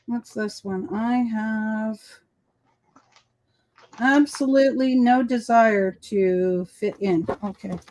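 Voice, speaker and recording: A woman's voice: a little high, slow pace, darkish tone, rough recording. A woman hosting a casual crafting livestream, chatting and telling stories while she works. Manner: chatty, storytelling. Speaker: host.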